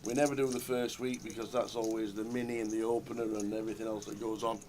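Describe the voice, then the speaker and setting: A man's voice: fairly low pitch, fast, background noise. Chatty man commentating poker. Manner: chatty, relaxed, banters with co-host. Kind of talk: live poker commentary, casual chat.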